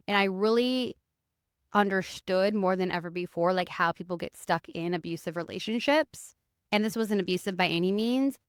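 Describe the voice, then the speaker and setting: A young woman hosting a podcast, telling her dating story in a candid, animated way, swearing freely and acting out the lines she quotes. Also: mid-range voice, clear, resonant tone, dry recording, clean studio sound. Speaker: podcast host. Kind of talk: casual confessional storytelling.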